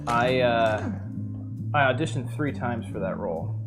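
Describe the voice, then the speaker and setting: A man tells a meandering story in relaxed chat, stopping and restarting with plenty of ums. His voice sits at an ordinary middle pitch. Music plays clearly behind him. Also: a little slow. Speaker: actor telling a story on a stream. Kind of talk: casual chat. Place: indoors at a painting table.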